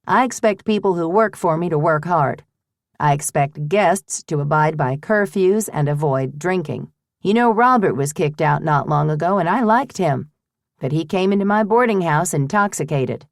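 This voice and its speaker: A woman voicing a shrewd older woman who runs a boarding house, brisk, firm and teasing. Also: low-pitched, expressive, dry recording, studio quality.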